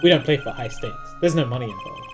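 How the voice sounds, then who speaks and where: A man reading the lines of a cool, taunting older male card player from a video game, in a measured, formal and cryptic way. He reads it close to his own voice. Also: mid-range voice, expressive, over music, natural voice. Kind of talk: reading game dialogue aloud.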